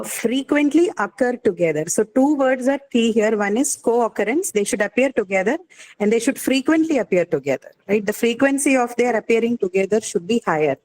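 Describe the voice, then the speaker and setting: A woman's voice: on the high side, a little mellow, poor audio. Woman, teacher, patient explanations, lots of fillers, online lesson. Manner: explains patiently with many fillers and tag questions. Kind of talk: online class lecture.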